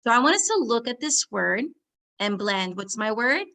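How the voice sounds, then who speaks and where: A woman teacher, slowly leading young children through a phonics lesson, sounding out words and giving warm encouragement. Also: a little high, big pitch swings.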